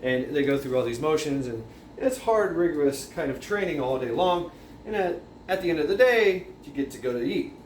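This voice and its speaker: Guy rambling through a story, lots of restarts and boom-boom sound effects, echoey room, faint noise. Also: lively intonation, normal speed, a little mellow. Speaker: vlogger. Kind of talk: casual storytelling. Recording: roomy echo, faint background noise.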